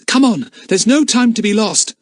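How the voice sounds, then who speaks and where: An urgent, breathless young boy leading his friends, voiced by a male narrator. His voice sits high and bounces with plenty of lift. He sounds anxious and pressing. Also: expressive, normal speed, no echo, studio quality.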